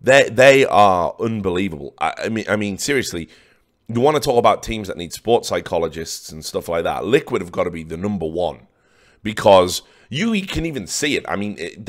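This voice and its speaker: Hoarse, blunt man ranting. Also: fairly low pitch, animated, normal speed. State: hoarse, tired voice. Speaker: esports analyst. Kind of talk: opinionated match analysis.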